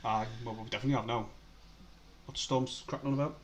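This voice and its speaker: A man's voice: medium pitch, steady tone, quick pace, a little hiss or hum. Man, co-host, casual chat and match calls, laughs a lot. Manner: laughs often, says "aye" and "like". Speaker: co-host of a fan live stream.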